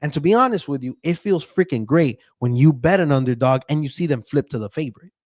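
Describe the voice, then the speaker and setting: A man's voice: fairly high pitch, expressive, fast talker, a little mellow, dry recording, studio quality. A man who handicaps bets, giving a casual, profane fight breakdown and keeps checking in with "right?". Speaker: MMA betting handicapper.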